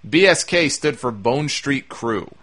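A man's voice: mid-range voice, lively intonation, a little slow, fairly bright tone. A man hosting a podcast who answers listener mail in a conversational way. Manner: conversational, with frequent "uh" fillers and restarts. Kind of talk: casual podcast talk.

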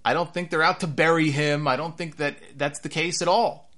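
Man, wrestling commentary, bright forceful voice, fairly high, sarcastic, animated. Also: normal speed. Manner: animated, rises in pitch when worked up; sarcastic, repeats himself for emphasis. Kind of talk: opinionated solo commentary.

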